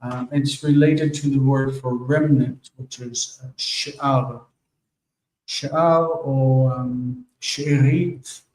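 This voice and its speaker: A man teaching a Hebrew grammar lesson, explaining forms slowly and patiently and checking in with "okay?" as he goes. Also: medium pitch, fairly even intonation, a little mellow. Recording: echoey room, far from mic.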